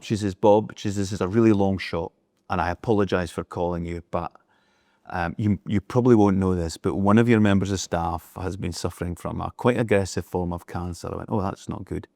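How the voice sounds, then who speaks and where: This middle-aged business leader has a low, slightly mellow voice with fairly even intonation and speaks fairly quickly. Appearing as an interview guest, he tells stories in casual conversation, acting out the dialogue, captured in clean studio sound with no room sound.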